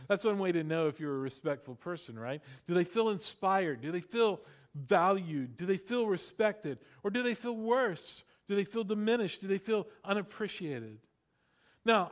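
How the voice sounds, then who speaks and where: A man preaching a sermon in a conversational way, asking the congregation rhetorical questions and laughing at his own asides. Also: high-pitched. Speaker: pastor.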